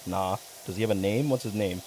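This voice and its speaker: A man's voice: lowish voice, a little fast, slight background noise. A young man chatting casually on a livestream, rambling, cursing freely and getting worked up as he talks. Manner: rambling, profane, excitable. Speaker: streamer.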